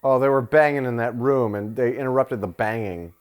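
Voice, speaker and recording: A man with a cold co-hosts a relaxed movie chat from his living room couch. He jokes, swears freely and drops into goofy voices mid-sentence. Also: medium pitch, brisk, clean tone. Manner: jokey, swears freely, bursts into silly voices. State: has a cold. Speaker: co-host. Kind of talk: casual movie-watching banter.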